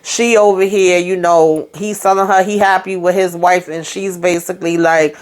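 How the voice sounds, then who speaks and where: A woman hosting a casual TV episode recap, animated and cussing, acting out the characters' lines and laughing often as she talks. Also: lowish voice, normal speed, clean tone. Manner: laughs often while talking. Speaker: show recap host.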